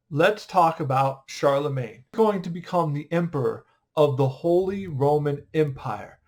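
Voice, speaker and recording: A man teaching an online history class in a casual, upbeat way, joking and quizzing his students as he goes. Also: a little high.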